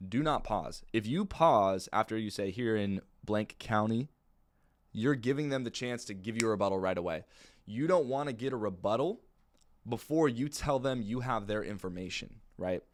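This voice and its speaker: At a moderate pace, a male trainer calmly teaches new sales agents how to work a phone script. His delivery is low-key and close to monotone, peppered with "right?" and "okay?".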